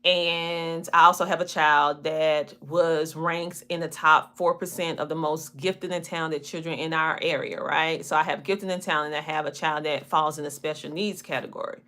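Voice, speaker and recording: A woman in her forties with a broad Southern US twang, chatting casually to a livestream audience. Her voice is bright and forward, and her words stretch and wander the way a country drawl does. She laughs easily between her points. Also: low-pitched, fairly even intonation, normal speed, few pauses. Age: 40s. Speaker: podcast host and coach. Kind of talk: casual livestream talk to viewers.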